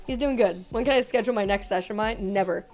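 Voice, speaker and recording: A woman's voice: medium pitch, quick pace, darkish tone, faint music behind. A young woman streaming from her room at home, chatting casually with viewers, reading chat aloud and joking between giggles.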